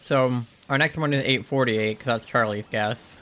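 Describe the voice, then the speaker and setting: A man's voice: mid-range voice, moderate pace, a bit bright. A man streaming a game, chatting casually and rambling, with frequent swearing and lots of "like" and "um". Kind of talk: casual chat while gaming.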